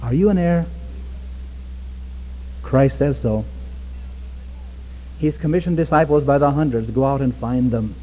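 A man preaching a sermon with passion, swinging from hushed pleading to near-shouting. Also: mid-range voice, measured pace, pauses often. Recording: dull recording with long hall reverb.

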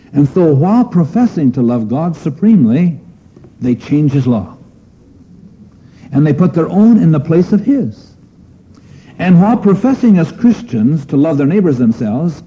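A man's voice: a little high, warm tone, slight background noise. A man preaching a sermon in an earnest manner, asking his listeners questions and pressing on key phrases. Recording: dull lo-fi sermon recording.

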